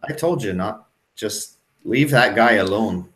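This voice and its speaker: A man voicing a gruff small-town bartender who sounds weary and dismissive. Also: on the low side, expressive, measured pace, a bit bright.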